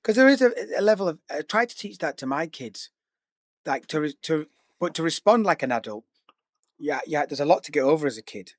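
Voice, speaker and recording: A middle-aged man co-hosts a relaxed podcast and talks thoughtfully, often acting out bits of dialogue from his stories. His voice sits a little higher than most men's. The sound is close and dry. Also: fairly quick, no room sound. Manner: reflective, acts out dialogue in anecdotes. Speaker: podcast co-host. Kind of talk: casual chat.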